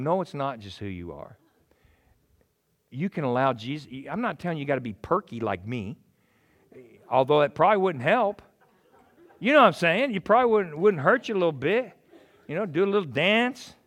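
A middle-aged male pastor preaching a sermon in an animated, joking way, acting out little voices. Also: a little high, fairly quick. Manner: animated, jokey, acts out voices.

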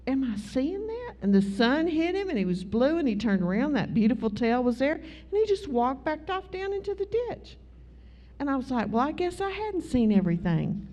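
A woman's voice: fairly high pitch, darkish tone. A middle-aged woman teaching a Bible study, telling chatty personal stories and acting out both sides of conversations. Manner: chatty storyteller who acts out both sides of dialogues. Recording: dull lo-fi recording.

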